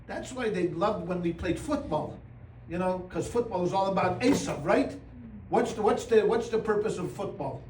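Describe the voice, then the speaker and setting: Animated rabbi in an echoey room. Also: male voice, high voice, normal speed. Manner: animated, humorous, acts out voices with Yiddish exclamations. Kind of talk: lively storytelling Torah class. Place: room with a live audience. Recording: roomy sound from a distance, faint room noise.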